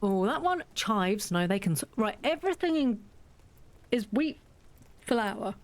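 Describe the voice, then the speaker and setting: This woman, a game streamer, has an unhurried, sing-song, mid-range voice. Playing a farming game, she offers casual let's-play commentary, chatty and self-deprecating, musing out loud.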